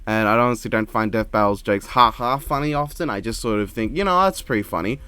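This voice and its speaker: A man giving casual reaction commentary at home, speaking quietly in a monotone and rambling with frequent restarts into a microphone. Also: on the low side, fast, smooth, no room sound. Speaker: reaction video creator. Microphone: desk microphone.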